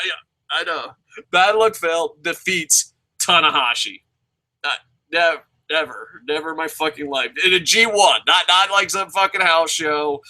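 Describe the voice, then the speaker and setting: A man reviewing wrestling shows in casual, profane commentary, excitable, with frequent swearing and stammering. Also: fairly high pitch, low-quality recording.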